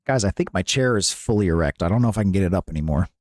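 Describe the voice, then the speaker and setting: A man's voice: sits low, expressive, rapid-fire, darkish tone, no echo, clean studio sound. A man hosting a live stream, chatting casually with viewers in a playful, jokey way and often laughing.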